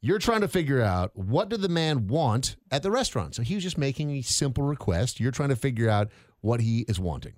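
A male radio host running an on-air quiz. His pitch swings widely as he teases the answers. The studio sound is dry and close to the mic. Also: big pitch swings, a little fast, no echo. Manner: upbeat, playful game-show delivery. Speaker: radio morning show host. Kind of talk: hosting an on-air quiz game.

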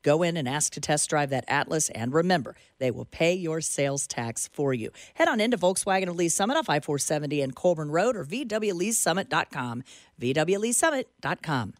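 A woman's voice: sits low, animated, brisk, no room sound, clean studio sound. Chatty female radio co-host. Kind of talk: talk radio chat and live read ads.

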